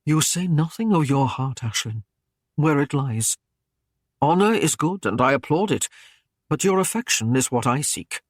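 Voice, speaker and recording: A man reading an audiobook who voices a flattering knight with a coaxing, smooth manner. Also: a little high, moderate pace, no room sound, studio quality. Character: smooth-talking knight wooing a woman.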